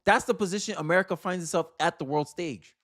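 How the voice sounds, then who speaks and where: A man's voice: high-pitched, fast talker, fairly bright tone. A man hosting a livestream, giving emphatic, opinionated political commentary and repeating phrases for effect. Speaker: livestream host.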